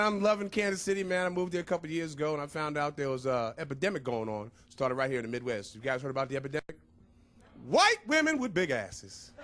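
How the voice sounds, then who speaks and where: A man's voice: high voice, fairly bright tone. A man doing a stand-up comedy set on a club stage, playful and punchy, drawing out his punchlines. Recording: live club crowd and noise.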